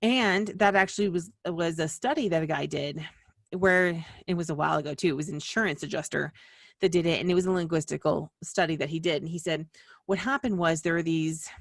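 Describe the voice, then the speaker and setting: A woman's voice: sits low, a little fast, vocal fry, dry recording, studio quality. A woman hosting a small-business video, from the western United States, talking in a chatty, rambling way full of asides and restarts. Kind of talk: casual rambling explainer.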